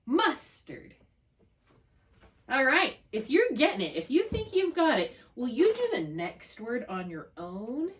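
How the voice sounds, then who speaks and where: A woman's voice: sits high, huge pitch swings, normal speed, hardly any pauses, far from the mic. A woman tutoring a student one on one, explaining spelling rules patiently step by step and checking often that it makes sense. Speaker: reading tutor.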